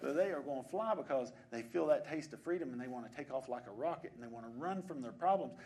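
A man, preaching a sermon as pastor of a church, shifting between quiet conversational asides and loud exhortations. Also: medium pitch, lively intonation, fast, a little hiss or hum. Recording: congregation answering in the background. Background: congregation responding.

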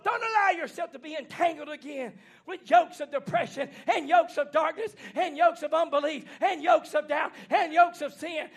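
A man preaching a fiery revival sermon, shouting in rhythmic repeated phrases and calling out to the congregation. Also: very high-pitched, moderate pace, hardly any pauses. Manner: shouting, rhythmic repetition, call-and-response exhortation. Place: church banquet hall.

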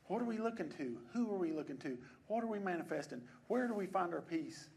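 A man's voice: high-pitched, animated, fast, creaky. A male preacher giving a sermon in a church, repeating phrases and asking rhetorical questions. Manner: repetitive, soft then building, rhetorical questions.

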